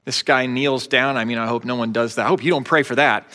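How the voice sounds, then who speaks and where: A man's voice: mid-range voice, steady tone, fast talker, sharp tone. Chatty man preaching in a reverberant hall. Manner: conversational, wry asides. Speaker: pastor. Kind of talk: sermon.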